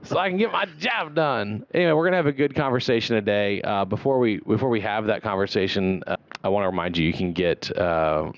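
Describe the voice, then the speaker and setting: A man with a low voice hosts a podcast, chatting in a jokey, rambling way full of restarts and fillers. The recording is dry, with almost no room sound. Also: dry recording. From Texas. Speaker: podcast host. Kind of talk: casual podcast banter.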